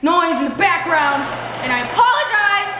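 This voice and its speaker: A woman's voice: very high voice, big pitch swings, moderate pace. A teenage girl vlogging, chatty and rambling as she tells childhood stories and acts out quotes. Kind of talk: casual storytelling vlog. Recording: very echoey room with faint background noise. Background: sewing machine noise.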